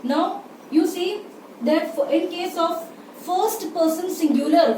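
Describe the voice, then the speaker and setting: A woman's voice: very high-pitched, slow pace, dark tone. A woman with an Indian English accent teaching a grammar lesson, who spells words out letter by letter and repeats key terms. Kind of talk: slow explanatory grammar lesson. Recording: roomy, distant mic with faint ambient noise.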